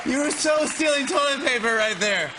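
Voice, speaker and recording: A man's voice: very high-pitched, animated, normal speed, over music, crowd noise, poor audio. A man hosting a talk show, teasing his guest playfully and laughing often. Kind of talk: casual teasing chat.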